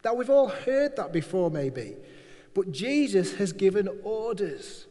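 Male preacher, high-pitched, repeats key lines for emphasis, reverberant hall sound. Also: sing-song, measured pace, dark tone. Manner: emphatic, repetitive preaching with acted-out quotes. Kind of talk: sermon.

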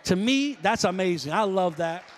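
High-voiced preacher in a reverberant hall. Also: male voice, lively intonation, moderate pace, a little hiss or hum. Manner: conversational, rambling storytelling with self-corrections; calls out to congregation. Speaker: pastor. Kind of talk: sermon. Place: church.

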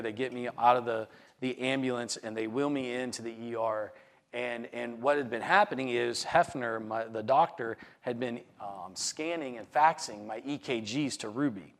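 Earnest man telling a personal testimony. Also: medium pitch. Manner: earnest storytelling with repeated words and restarts. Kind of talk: personal testimony told to a congregation.

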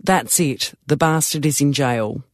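Narrator doing blunt wry man, dry matter-of-fact delivery, slightly high voice. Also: measured pace, dry recording.

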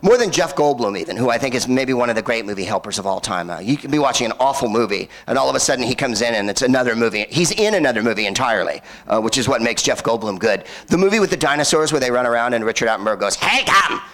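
A man's voice: mid-range voice, expressive, very fast, few pauses, fairly bright tone. Rambling sardonic man on stage. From United States. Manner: rambling, sardonic, full of filler and asides. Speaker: comedian hosting a film screening. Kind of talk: live stand-up banter. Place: cinema stage before a live audience.

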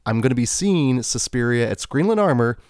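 An enthusiastic man co-hosts a podcast in easy, casual chat at an average pitch. His voice is recorded close and dry, with no room sound. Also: expressive, a little fast, darkish tone, clean tone, no echo. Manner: enthusiastic, talks up upcoming episodes and events. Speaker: podcast co-host.

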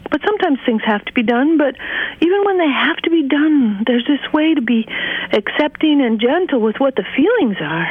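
Gentle woman on a phone line. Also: sits high, expressive, normal speed. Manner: gentle, earnest, acts out inner voices. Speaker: guest author. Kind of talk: casual interview talk.

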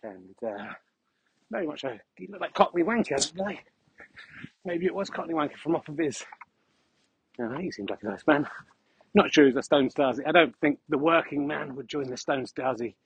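A man rambling through a deadpan, mock-grandiose comic monologue while walking his dog across open fields, recorded on a mic he carries. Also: on the high side, moderate pace, pauses often, dull audio, slight background noise.

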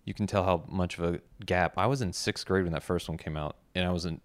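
A man's voice: low voice, fast talker, no echo. Young man chatting as podcast guest. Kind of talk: casual chat.

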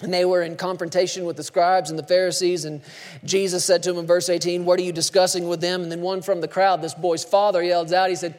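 A male pastor preaching a sermon with emphatic, dramatic swings between hushed lines and shouts. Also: high-pitched, flat delivery, fast talker, in a large hall.

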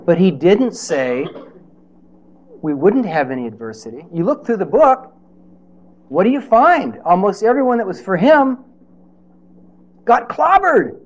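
A man's voice: sits high, sing-song, measured pace, long pauses. A man preaching a sermon in a conversational way, with rhetorical questions and playful asides.

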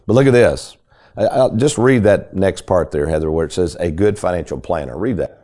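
The financial radio host's voice is deep and dark, moving at a moderate pace. Folksy and emphatic, he keeps turning to listeners at home, yet his tone stays mellow when he drives a point home.

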